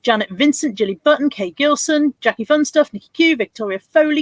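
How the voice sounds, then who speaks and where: A woman hosting a casual livestream from her home desk, chatting and reading out viewer names in quick lists. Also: sits high, animated, dry recording. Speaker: livestream host.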